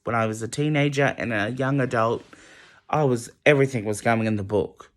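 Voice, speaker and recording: A young man talks to the camera late at night in a loose, rambling monologue. He sounds emotional and close to tears, stumbling and restarting his sentences as he goes. His voice sits at an ordinary middle pitch. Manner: emotional, halting, many restarts. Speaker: vlogger.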